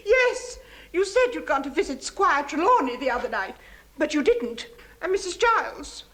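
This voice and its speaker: A shrill, jealous spinster. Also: female voice, sing-song, moderate pace, fairly bright tone. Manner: shrill and tearful. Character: lovelorn, jealous spinster housekeeper.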